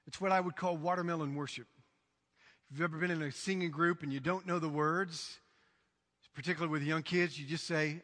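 A man's voice: fairly high pitch, moderate pace, pauses often, bright, forceful tone. A man preaching a sermon as pastor, emphatic and dramatic, often acting out quotes. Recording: reverberant hall.

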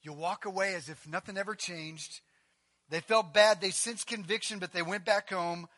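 A man preaching a sermon as a pastor, delivering it with passion and building up to near-shouting on emphatic passages. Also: sits high, normal speed, no room sound.

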